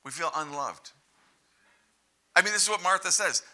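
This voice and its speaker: A male pastor giving an animated, conversational sermon and asking the congregation direct questions. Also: sits high, normal speed, long pauses.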